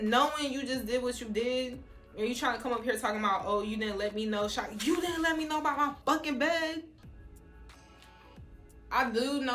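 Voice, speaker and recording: Calling her audience "y'all," a vlogger tells a story while venting hotly, hammering her points and saying things more than once in casual, profane language. Her voice is medium-pitched and fairly bright, with a reverberant sound.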